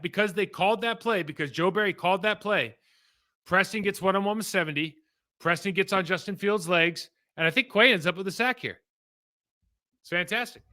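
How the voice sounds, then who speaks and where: A man with a high, pushed, bright voice casually breaks down football game film. His talk is rambling and conversational, trailing off and restarting.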